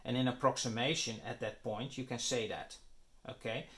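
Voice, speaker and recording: A man's voice: mid-range voice, fairly even intonation, moderate pace, a bit bright. A man lecturing on physics, explaining his derivation step by step and often checking in with "right?" and "okay?". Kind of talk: explaining at a whiteboard.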